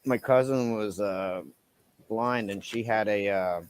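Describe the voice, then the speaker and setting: A man chatting casually on a livestream and telling stories lively, acting out what people said. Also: lowish voice, slow pace, slight background noise. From Canada. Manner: animated storyteller, acts out shouted quotes. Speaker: livestream host. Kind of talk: casual chat.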